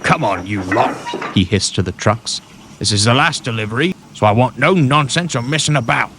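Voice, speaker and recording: A man voicing Rob, a gruff little tank engine. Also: mid-range voice, expressive, normal speed, background noise, close to an everyday voice. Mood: bossy. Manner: barking orders, panting when tired. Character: male saddle tank engine, gruff and anxious.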